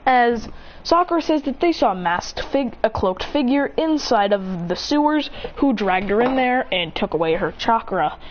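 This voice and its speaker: A woman narrates a homemade fan story with a lively, bouncing delivery, her voice swinging up high whenever a character speaks. Her voice sits a little high. The recording is slightly muffled, with a faint hiss underneath. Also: moderate pace, few pauses. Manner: excitable, jumps in pitch for each character. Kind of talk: casual fan-fiction narration.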